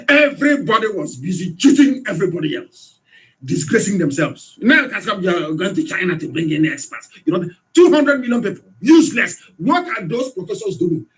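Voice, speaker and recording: Fiery, high-pitched Nigerian man. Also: sing-song, normal speed. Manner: fiery, hectoring, rhetorical questions, sometimes shouting. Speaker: radio broadcaster. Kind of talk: impassioned political radio address.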